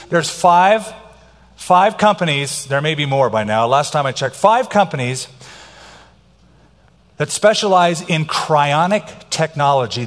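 A middle-aged man preaching a sermon as pastor, emphatic and varying his pace for effect. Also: on the high side. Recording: long hall reverb.

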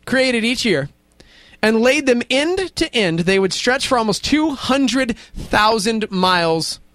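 A man's voice: very high-pitched, expressive, takes it slowly, a bit bright, dry recording. A man hosting morning radio trivia, playful and teasing, laughing often. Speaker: radio host running trivia.

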